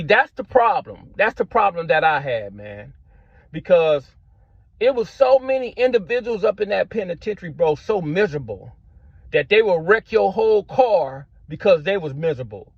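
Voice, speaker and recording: Middle-aged guy, kinda high voice, street slang, says bro and man a lot, muffled dry recording. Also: very animated, moderate pace, no room sound. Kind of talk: casual storytelling to camera. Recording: dull lo-fi sound, dry.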